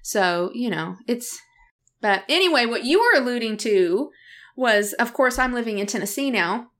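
A middle-aged woman co-hosting a podcast, telling a story in a casual, animated way with frequent laughter and acted-out quotes. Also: on the high side, normal speed. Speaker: podcast co-host.

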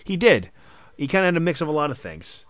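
A man's voice: fairly high pitch, very animated, fast talker, fairly bright tone, a little hiss or hum. A man hosting a casual podcast chat, recounting wrestling history partly from notes. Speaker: podcast host.

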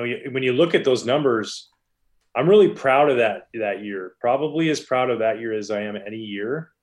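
This man, formerly a professional pitcher, tells stories in an easygoing interview. He's expressive and digressive, and he restarts often.

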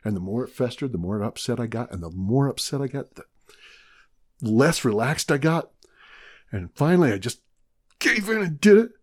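A man's voice: medium pitch, big pitch swings, normal speed, pauses often. A man with a Southern US accent telling a long story in casual podcast chat, rambling and self-mocking. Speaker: podcast co-host.

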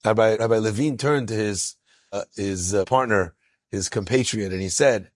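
A man, a rabbi, telling a story in a lecture and acting out the people in it with rising excitement. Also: lowish voice, moderate pace, dry recording, studio quality. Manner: animated, acts out quotes with rising excitement.

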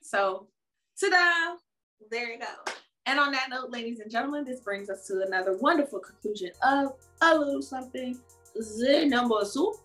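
A woman's voice: fairly high pitch, normal speed, a bit bright, soft background music. A woman co-hosting a casual podcast, chatting playfully and reading wine labels aloud. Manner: playful, sign-off announcer flourishes. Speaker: podcast co-host. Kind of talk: casual chat.

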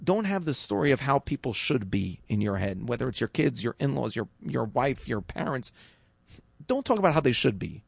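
Gravelly man telling a casual story. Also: mid-range voice, big pitch swings, moderate pace, no room sound. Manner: loose and conversational, full of fillers and restarts, acting out quotes. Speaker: storyteller sharing a life lesson.

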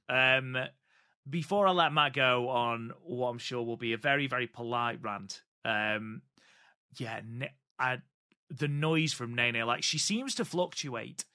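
A man's voice: medium pitch, bright, forceful tone. A man co-hosting a podcast, reviewing wrestling matches in a casual, hesitant way with many filler sounds. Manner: hesitant, many ums, measured opinions. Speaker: podcast co-host.

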